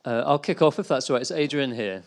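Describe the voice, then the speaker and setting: A man's voice: medium pitch, animated, fast, slight background noise. A man hosting a conference Q&A and asking a question hesitantly, with many fillers. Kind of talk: casual conference Q&A.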